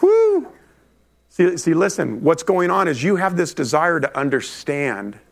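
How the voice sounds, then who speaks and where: Gravelly animated man preaching. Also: a little high. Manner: animated, talks straight to the congregation with quick asides. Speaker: pastor. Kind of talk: lively sermon. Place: church before a congregation.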